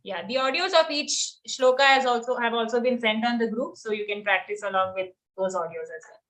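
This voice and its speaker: A woman teaching an online recitation class over a video call, patient and clear. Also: a little high, brisk, fairly bright tone. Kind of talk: live online class, answering questions.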